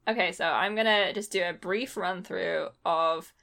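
A woman's voice: lowish voice, measured pace, creaky, sharp tone. A woman co-hosting a podcast, recounting a book plot in a rambling, sweary chat style from her own studio. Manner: rambling, sweary, lots of fillers. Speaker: podcast co-host. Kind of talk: casual chat. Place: own home recording studio.

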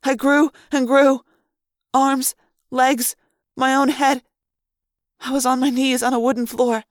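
A woman's voice: sits high, flat delivery, slow pace, no room sound, studio quality. A woman reading a novel aloud in the first person, with tense, dramatic delivery.

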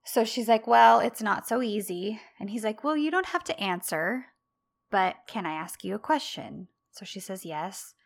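A woman's voice: mid-range voice, lively intonation, moderate pace, vocal fry. A woman co-hosting a podcast, chatting casually and animatedly as she retells TV scenes and acts out the characters' lines. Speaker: podcast co-host. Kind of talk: casual chat recapping a TV show.

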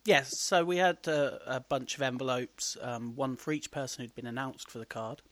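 A man's voice: mid-range voice, normal speed, fairly bright tone, dry recording. A man co-hosting a casual wrestling podcast, joking dryly and laughing often. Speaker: wrestling promoter and podcast co-host.

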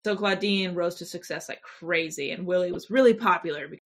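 A woman's voice: on the low side, brisk. A woman co-hosting a podcast, chatting casually and frankly about a film, swearing freely and saying "like" a lot. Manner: frank and profane, heavy use of "like". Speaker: podcast co-host. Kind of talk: casual film review chat.

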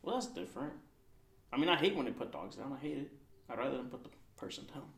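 A man's voice: medium pitch, sing-song, fast talker, vocal fry. A young man chatting casually, joking and using lots of slang. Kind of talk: casual chat. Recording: echoey room.

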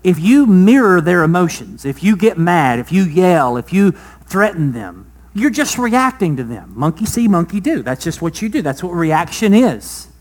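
High-voiced man preaching a sermon. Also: sing-song, normal speed. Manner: preaching, voice swelling loud then dropping soft; rhetorical questions to the congregation. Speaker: pastor.

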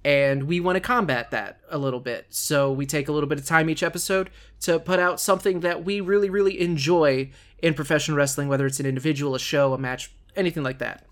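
A man on a wrestling podcast keeps a steady tone and a fairly high pitch while bantering with his co-host, his casual chatter quick and eager.

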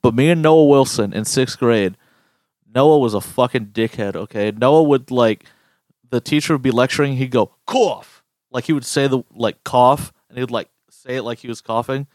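A man's voice: medium pitch, normal speed, dry recording. A young man co-hosts a casual podcast and swears his way through school stories. His voice sits in an ordinary middle register and sounds close and dry. He breaks into goofy impressions when he quotes anyone. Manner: profane, animated storyteller doing goofy quoted voices. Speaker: podcast co-host.

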